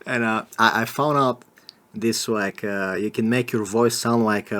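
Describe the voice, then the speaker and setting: A man's voice: on the low side, fairly even intonation, unhurried, fairly bright tone. A man chats on a podcast in a loose, rambling way. He swears freely and breaks into laughter often. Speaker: podcast host. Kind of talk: casual podcast chat.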